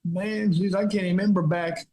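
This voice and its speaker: A man's voice: high-pitched, fairly even intonation, brisk, dark tone. A man guest on a podcast, talking casually with a laid-back manner and stammered restarts. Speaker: fighter and guest.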